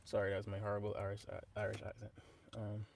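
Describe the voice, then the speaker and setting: Over a noisy background and some guitar playing, this male singer-songwriter jokes around with his livestream audience. His voice is lowish and gravelly, quick but monotone, and he leans heavily on fillers and hesitant pauses.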